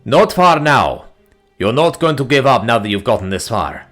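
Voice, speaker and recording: A man's voice: mid-range voice, very animated, normal speed, a bit bright, faint music behind. A man voicing a ghostly spacer with a Russian accent, encouraging and insistent.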